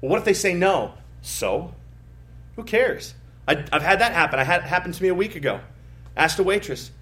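A pastor preaching a sermon, telling personal stories and rising from quiet asides to emphatic points. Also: male voice, a little high, animated, fast. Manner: storytelling, swings from soft asides to emphatic rises.

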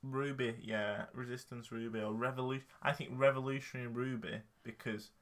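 A young man co-hosting a casual podcast. He speaks in a middle-pitched voice and rambles playfully from one silly idea to the next. His tone stays loose and unscripted. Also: steady tone, normal speed. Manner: playful, rambling, laughs often. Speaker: podcast co-host. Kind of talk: casual chat.

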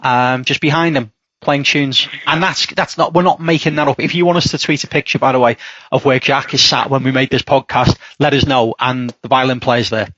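A man's voice: mid-range voice, steady tone, a little fast, bright, forceful tone, dry recording, lo-fi sound. A man hosting a casual podcast chat, rambling and self-mocking with frequent laughs. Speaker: podcast host.

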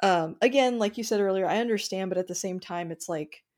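A woman's voice: medium pitch, fairly quick, darkish tone. A woman co-hosting a casual movie discussion, talking with fillers and frequent laughs. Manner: conversational, hesitant fillers, laughs often. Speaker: podcast co-host.

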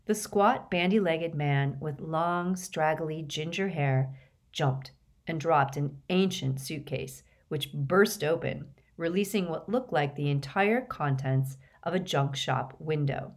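A woman reading an audiobook aloud with a lively delivery. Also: deep voice, slow. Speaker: audiobook narrator.

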